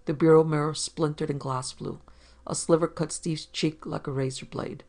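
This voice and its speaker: Male narrator, detective story reading, gravelly, steady and measured. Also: on the high side.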